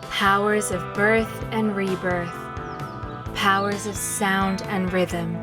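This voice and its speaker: An actress voicing a calm, devout young witch who chants incantations slowly in an audio drama. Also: medium pitch, over music, close to an everyday voice. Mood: chanting.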